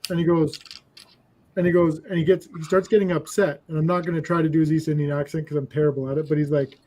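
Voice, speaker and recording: A man's voice: a little high, level tone, quick pace, mellow, slight background noise. A man hosting a casual livestream chat with friends, telling stories and laughing as he goes. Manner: storytelling, laughs between lines. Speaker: livestream host.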